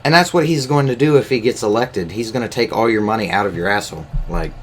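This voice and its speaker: A man's voice: on the low side, fast talker, a little hiss or hum. Rambling, profane man. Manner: hesitant, lots of fillers, profane. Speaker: solo podcast host. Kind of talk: casual rambling monologue. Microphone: camera mic.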